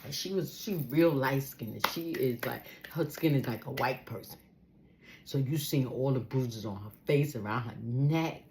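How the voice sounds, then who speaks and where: A woman telling a personal story in a casual, animated way, acting out the people she quotes. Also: very deep voice, a little slow, a little hiss or hum.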